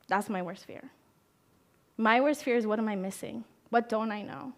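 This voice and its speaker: A young woman, a therapist, giving a conversational talk to parents. She asks the audience questions and acts out the voices she quotes. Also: medium pitch. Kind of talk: talk at a conference.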